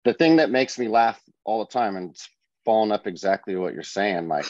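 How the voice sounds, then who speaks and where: A man co-hosting a podcast rants in a laid-back way during casual chat, swearing and laughing as he goes. His voice is on the low side, animated, brisk and darkish in tone, with no room sound in a dry, dull lo-fi recording.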